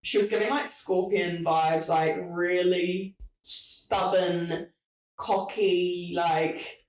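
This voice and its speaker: Drawn-out words and a steady tone mark this mid-range voice. In a casual podcast chat, the host tells a story from work, swearing without restraint and voicing the quoted lines. The audio is roomy, as though the mic sits far away.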